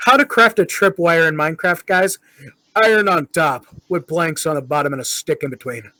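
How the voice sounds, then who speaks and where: A man's voice: on the high side, moderate pace, bright, forceful tone, no echo, poor audio. A young man hosting a casual podcast, laughing as he reads out funny comments. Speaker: podcast host. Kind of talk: casual chat, reading comments aloud.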